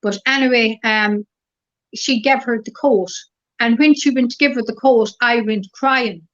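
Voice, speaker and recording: A middle-aged woman with an Irish accent, a guest in a casual interview, telling stories gently and rambling through lots of fillers. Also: a little high, unhurried. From Ireland. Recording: dull lo-fi recording.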